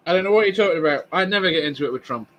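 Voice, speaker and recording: A man's voice: fairly high pitch, lively intonation, racing, fairly bright tone. A man from northwest England in casual stream chat, joking and playfully defensive. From northwest England, across the river from Liverpool.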